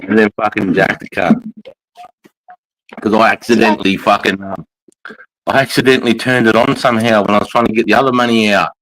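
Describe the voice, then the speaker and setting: Sweary low-voiced Australian bloke. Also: male voice, fairly even intonation, a little fast, long pauses, a bit bright, poor audio. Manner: profane, storytelling, quotes mates' lines. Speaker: livestream host. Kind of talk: casual chat.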